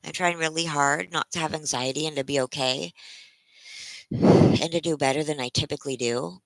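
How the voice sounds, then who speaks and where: A tired woman livestreaming to her viewers, close to tears, speaking in halting, emotional bursts and restarting her sentences. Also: deep voice, steady tone, gravelly, no echo, poor audio. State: tired from a sleepless night. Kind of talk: casual live-stream chat.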